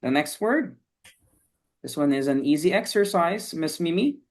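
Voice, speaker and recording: A teacher runs an online English class over a video call, with a voice at a middling pitch. The manner is patient and encouraging, full of quick praise as students answer. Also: lively intonation. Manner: encouraging, repeats "okay, very good".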